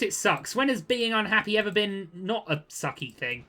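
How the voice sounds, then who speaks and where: A young man giving casual gameplay commentary, chatty and quick to get exasperated, with jokey asides. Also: high-pitched, lively intonation, pushed and bright. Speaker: gaming video creator.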